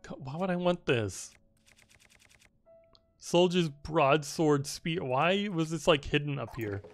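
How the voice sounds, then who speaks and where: A man's voice: on the high side, lively intonation, slow, soft background music. A young man casually telling a story while playing a game, rambling with many restarts and filler words, laughing and swearing now and then. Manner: laughs often at his own story. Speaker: gamer narrating gameplay. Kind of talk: casual gaming commentary and storytelling.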